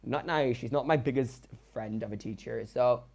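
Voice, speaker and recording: Young man, Dutch accent, non-native English; casual rambling voiceover, halting and self-deprecating. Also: medium pitch, vocal fry, a little mellow. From Netherlands. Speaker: game builder.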